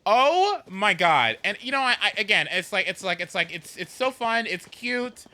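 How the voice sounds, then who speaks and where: A man chatting casually while streaming a game, rambling and animated, with swearing and sudden whoops. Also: high-pitched, moderate pace. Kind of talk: casual gameplay chat.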